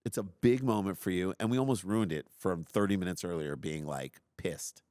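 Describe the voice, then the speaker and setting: A middle-aged man hosting a podcast, telling a personal story in an animated, self-deprecating way and acting out his own outbursts. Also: low-pitched, normal speed, no room sound, studio quality. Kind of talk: casual storytelling.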